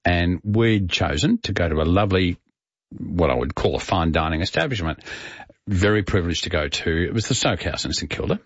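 Australian man, middle-aged, husky, lively pitch, dry muffled radio sound. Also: brisk, no room sound. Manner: chatty, laughing, animated storytelling. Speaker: radio presenter. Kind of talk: casual radio chat.

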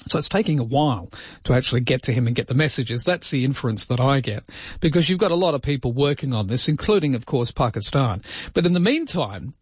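A man's voice: medium pitch, animated, quick pace, husky, dry recording. A man hosting a solo talk show, chatting in a wry, rambling way with lots of asides. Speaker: show host. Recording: dry, slightly dull lo-fi sound.

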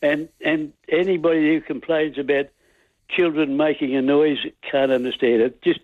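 A man's voice: fairly high pitch, steady tone, moderate pace, no room sound. A man calling a radio show, cheerful but hesitant, stumbling over his words. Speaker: caller. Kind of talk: phone-in chat and joke telling. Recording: tinny phone line.

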